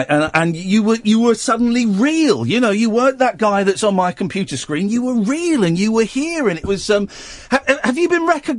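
A man's voice: sits high, no echo. A man hosting a late-night radio talk show, rambling and joking with his guest and laughing often on a studio mic. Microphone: studio microphone.

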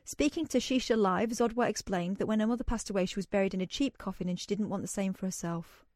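A woman hosting a radio phone-in, chatty and self-deprecating, with quick asides as she reads out stories. Her voice is recorded close and dry in the studio. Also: medium pitch, a little mellow, no room sound. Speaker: radio show host. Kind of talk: casual radio chat. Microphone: studio microphone.

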